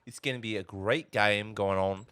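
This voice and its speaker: A man voicing a loud, cheery mock British man whose accent slips into Australian. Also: on the low side, fairly even intonation, normal speed, clean tone, natural voice. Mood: hammy.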